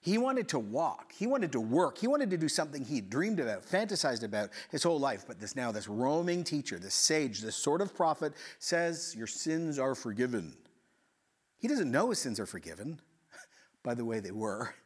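A male pastor preaching a sermon, retelling a scene in a lively storytelling way with acted-out voices and quick asides. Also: medium pitch, husky.

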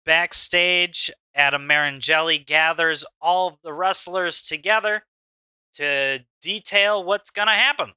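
Slow, bright-voiced man as game master. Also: fairly high pitch, smooth, no echo. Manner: measured, hesitant with fillers. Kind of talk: narrating a tabletop game.

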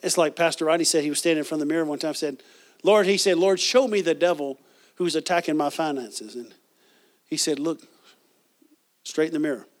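A man's voice: fairly high pitch, fairly quick, pauses often. A man preaching a sermon as pastor, reading scripture and asking the congregation questions, with frequent restarts.

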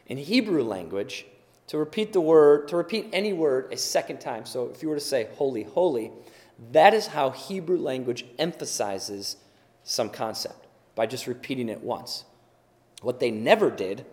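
Guy preaching, emphatic, gets loud then drops soft, voice rings out in a big echoey hall. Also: medium pitch. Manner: emphatic, repeats words for stress, swings between loud and soft. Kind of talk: sermon. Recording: long hall reverb.

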